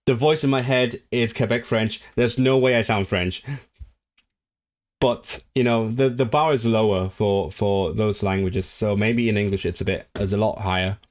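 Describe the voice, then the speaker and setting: A man's voice: fairly low pitch, fairly even intonation, normal speed. A man from Hong Kong hosting a language livestream, reading viewer comments aloud and rambling through his replies with many restarts. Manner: rambling, self-correcting, reads viewer comments aloud and responds animatedly.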